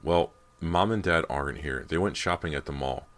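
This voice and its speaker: A man reading an audiobook voices an eager, sharp-tongued teenage girl, raising his voice for her insistent lines. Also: extremely low pitch, normal speed.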